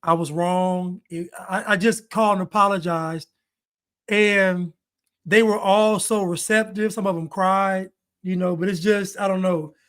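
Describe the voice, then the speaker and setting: A man's voice: high-pitched, fairly even intonation, unhurried, fairly bright tone. A man hosting a stream, giving casual and rambling commentary and answering his chat. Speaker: streamer host reacting to a video.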